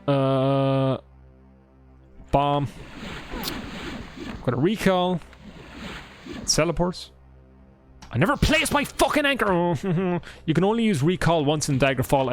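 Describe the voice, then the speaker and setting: A man with an Irish accent, chatting casually and swearing a lot while he streams a game, rambling and joking about himself. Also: fairly high pitch. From Ireland. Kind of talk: casual live gameplay chat.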